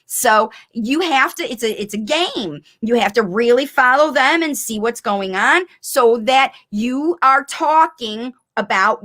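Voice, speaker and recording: A middle-aged woman, a speech-language pathologist, coaching parents in a live-streamed Q&A, talking fast and energetically with emphatic repetition. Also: on the high side, a bit bright.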